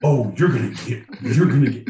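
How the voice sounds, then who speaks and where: Man, podcast co-host, joking banter, lively pitch, echoey room. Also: brisk, distant mic. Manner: jokey, slips into silly voices and bits. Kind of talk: casual comedic chat.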